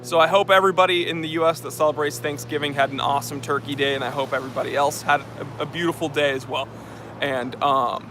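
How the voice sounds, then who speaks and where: Streamer host, male, fairly high voice, put-on posh English accent, rambling joker, phone on tripod outdoors. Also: bright, forceful tone, slight background noise. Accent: affected posh English. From New Hampshire, US. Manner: joking, rambling, with frequent fillers. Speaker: channel host reading live chat. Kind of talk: casual livestream chat. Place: outdoors on a street. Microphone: phone on a handheld tripod.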